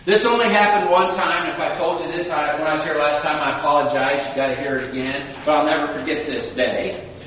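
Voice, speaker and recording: A man's voice: on the high side, brisk, slight background noise. A man giving a live sales training seminar, telling stories with energy and acting out customers' lines. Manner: animated storyteller, acts out customers' lines. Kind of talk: live seminar talk to a class. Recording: dull, echoey hall from far off.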